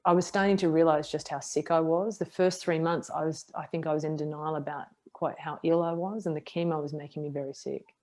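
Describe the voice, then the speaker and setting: A woman's voice: sits low, a little fast, few pauses. A middle-aged woman, a podcast guest telling a personal story frankly and with a self-deprecating edge. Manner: frank, self-deprecating, animated retelling with acted quotes. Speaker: podcast guest, martial artist. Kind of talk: candid interview storytelling.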